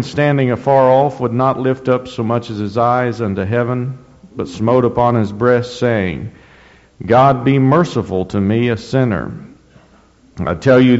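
Male preacher reading scripture with deliberate, rising emphasis, captured on a dull, muffled recording. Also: medium pitch, darkish tone. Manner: slow, deliberate reading with rising emphasis and frequent throat clearing. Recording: dull lo-fi recording in a reverberant hall.

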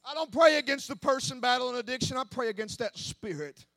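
A man preaching a sermon who swings between hushed asides and shouted, sing-song preaching cadence. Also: very high voice, animated, a little fast, vocal fry, no echo, studio quality. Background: faint music from an accompanist.

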